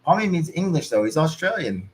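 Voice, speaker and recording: Speaking on the high side and sounding very animated, a livestream host, an American man in his thirties, keeps things chatty during a casual watch-along. He reads viewer comments aloud and tosses off quick asides in response, with slight background noise audible.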